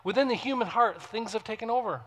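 Male pastor, a touch high-voiced, emphatic sermon delivery swinging from loud to hushed, conversational asides. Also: quick pace. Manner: conversational, asks the congregation questions.

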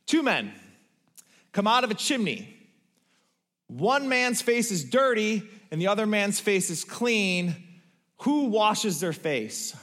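A man's voice: high voice, very animated, slow pace, long pauses, fairly bright tone, heavily acted. A man doing a patient old rabbi with riddles. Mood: teasing. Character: wise older male rabbi, testing and teasing.

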